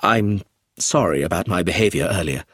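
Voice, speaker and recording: A man voicing an emotional, excitable middle-aged man in a read story, speaking in an agitated way. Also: low voice, normal speed, husky, dry recording, clean studio sound, full character voice.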